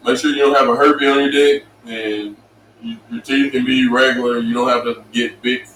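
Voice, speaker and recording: A middle-aged man co-hosting a casual podcast, telling profane, animated stories and slipping into voices for the people he quotes. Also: medium pitch, normal speed, slight background noise. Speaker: co-host. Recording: roomy, distant mic with faint ambience.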